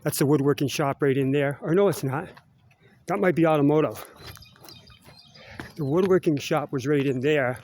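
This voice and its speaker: A man's voice: fairly high pitch, moderate pace, long pauses, a little mellow, a little hiss or hum. A middle-aged man with a Canadian accent, chatting in a meandering way and tagging "eh?" onto his sentences as he walks around outside. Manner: chatty, meandering, ends phrases with "eh?". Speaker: vlogger. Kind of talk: casual rambling walk-and-talk. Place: outdoors walking around school grounds.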